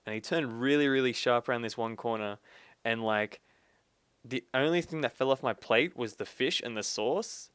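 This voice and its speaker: A man's voice: medium pitch, moderate pace, fairly bright tone, clear, resonant tone, dry recording. A man casually telling a rambling story to friends while they play a game, full of restarts and "like". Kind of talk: casual chat while gaming.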